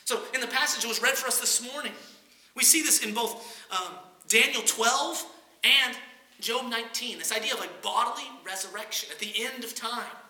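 A preacher working through a passage in a conversational, teaching style, with a bright, sharp voice. The speech echoes through a roomy space. The pitch sits in a middle range. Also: normal speed. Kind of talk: sermon.

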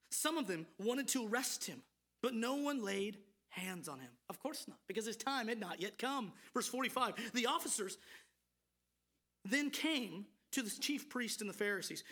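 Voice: medium pitch, a bit bright. A preacher giving a morning sermon, asking listeners earnest rhetorical questions and lifting the voice when reading scripture aloud.

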